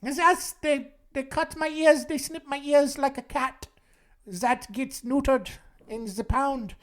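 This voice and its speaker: A man's voice: extremely high pitch, fairly even intonation, takes it slowly, a bit bright, voice pushed up, exaggerated voice. A man putting on a melodramatic German accent to voice a young male impostor who pleads, in a stiff formal way, to be taken as a long-lost son. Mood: pleading, melodramatic. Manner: whiny, melodramatic, overly formal.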